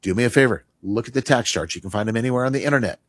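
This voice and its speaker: A man's voice: medium pitch, very fast, no room sound. A middle-aged man hosting a radio advice segment on retirement taxes, conversational and emphatic, dropping his voice for asides. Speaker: radio show host, retirement tax advisor.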